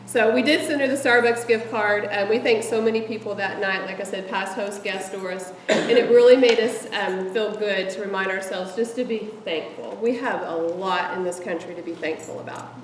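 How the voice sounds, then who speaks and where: A woman's voice: mid-range voice, normal speed, hardly any pauses, a little hiss or hum. Chatty lady laughing a lot while she presents, mic far off, roomy echo. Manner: chatty and animated, laughs often. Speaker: speaker sharing meeting ideas with fellow directors. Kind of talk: casual presentation to a group. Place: meeting room with an audience. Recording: echoey room from a distant mic, audience audible.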